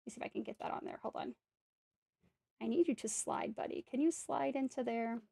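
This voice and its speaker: This woman's voice is on the high side, brisk, creaky and warm, in a dry recording. She's streaming a brick-set build, casually narrating each step for viewers and talking herself through her mistakes.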